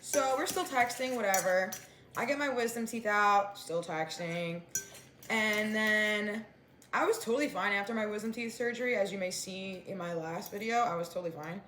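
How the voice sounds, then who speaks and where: A woman in her twenties, a vlogger, eats while telling a storytime rant, chatty and peppered with "like" and "whatever." Her mid-range voice moves at a normal speed with a fairly bright tone. The room sounds spacious, with a little hiss or hum underneath.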